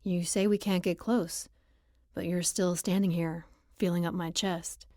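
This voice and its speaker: A woman playing a confident young male hockey player in an audiobook, teasing and steady in delivery. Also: on the low side, a little slow, no room sound, studio quality, lightly acted.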